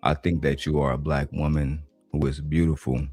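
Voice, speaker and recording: A man putting on a slow, low, crooning smooth-talker voice. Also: flat delivery, darkish tone, dry recording, faint music behind. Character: smooth-talking deep-voiced seducer, adult man.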